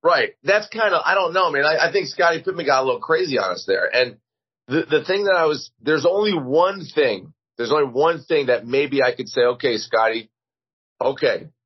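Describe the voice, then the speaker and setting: Middle-aged man, husky voice, dull lo-fi call audio, rambling guest. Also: a little high, expressive, brisk. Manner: rambling, many restarts and fillers. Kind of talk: casual chat. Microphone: video call.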